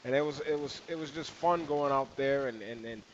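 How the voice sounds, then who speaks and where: A man's voice: medium pitch, fairly quick. A man hosting a podcast, casually reminiscing and agreeing with his guest. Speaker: host. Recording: dull lo-fi sound with crowd noise behind.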